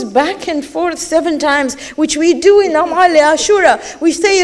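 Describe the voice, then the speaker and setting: High-voiced woman giving an emotional sermon. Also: moderate pace, hardly any pauses. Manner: emotional storytelling, rising to tearful pleas. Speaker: religious speaker.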